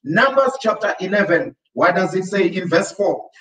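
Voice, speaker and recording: A South African man preaching a sermon as pastor, repeatedly addressing the congregation as ladies and gentlemen. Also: high-pitched, expressive, normal speed. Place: church. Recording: echoey church from far off.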